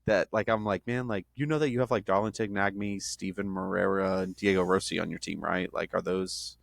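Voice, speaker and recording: Low-voiced man, rambling podcast co-host. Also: fairly even intonation, fairly quick, gravelly, no room sound. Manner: rambling, self-interrupting, joking. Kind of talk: casual sports chat.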